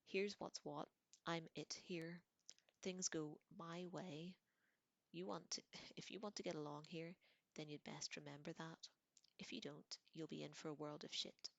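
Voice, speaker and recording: A woman reading aloud and voicing a mean, bossy popular teenage girl who talks flat and threatening. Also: sits low, brisk, vocal fry, dry recording, full character voice. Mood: menacing.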